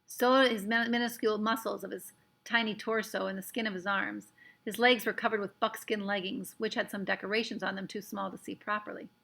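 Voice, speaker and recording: Bright-voiced woman reading a story aloud. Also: mid-range voice, brisk, creaky. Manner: expressive, lively narration. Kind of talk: reading a children's book aloud.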